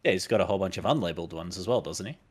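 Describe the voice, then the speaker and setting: A man playing in a tabletop game, making quick, dry remarks about what his character is doing. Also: low voice, a little mellow, husky, no echo. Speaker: player. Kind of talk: casual tabletop game chat.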